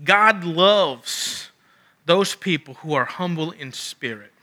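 Guy preaching, kinda high voice, super bright, keeps repeating lines for emphasis. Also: animated, slow pace. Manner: emphatic, repeats phrases for stress. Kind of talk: sermon.

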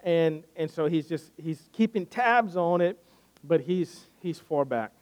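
Guy preaching a sermon, kinda high voice, chatty, repeats himself a lot. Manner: conversational, repeats words when restarting. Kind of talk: sermon storytelling.

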